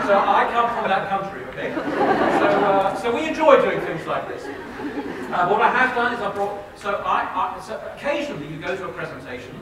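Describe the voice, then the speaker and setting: An Englishman giving a live talk in a lecture hall, teasing the crowd and poking fun at himself. His voice sits high for a man. It reaches the mic from some way off, with heavy echo and a steady noise behind it. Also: measured pace. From England. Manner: joking, self-mocking, quizzes the audience. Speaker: guest speaker. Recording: very echoey hall, distant mic, noisy.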